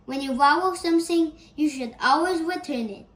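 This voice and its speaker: A woman's voice: sits high, moderate pace, fairly bright tone. A woman voicing a kindly, slightly bumbling male school principal in a children's storybook, in an echoey room. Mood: earnest.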